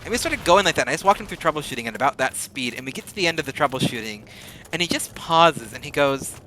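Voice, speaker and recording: A man chatting casually while streaming a game, rambling and often speeding up into rapid talk. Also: on the high side. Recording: steady background noise.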